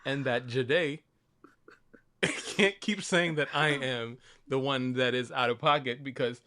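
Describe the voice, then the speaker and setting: A man's voice: medium pitch, slow pace, bright, forceful tone. A man in his thirties co-hosting a podcast, trading jokes in casual chat and breaking into laughing fits. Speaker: podcast co-host. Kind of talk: casual joke-telling chat.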